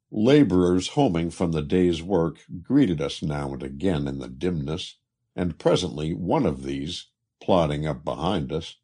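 Male audiobook narrator, very deep, expressive intonation, measured literary delivery. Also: slightly rough. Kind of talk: storybook narration.

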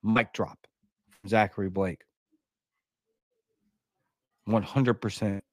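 A man hosting his own political talk show, ranting in a heated, sarcastic and blunt way, his pitch jumping up when he gets outraged. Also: steady tone, takes it slowly, a little mellow, dry recording. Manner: blunt, insulting. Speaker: host of a political commentary show. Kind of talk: ranting commentary.

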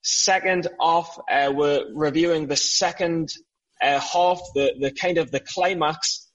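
A young man hosts a casual podcast with a lightly teasing, joking manner. His voice sits somewhat high for a man, and he talks loosely and informally. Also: fairly even intonation, slow pace, fairly bright tone, dull audio. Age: young adult. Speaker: podcast host. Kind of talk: casual chat.

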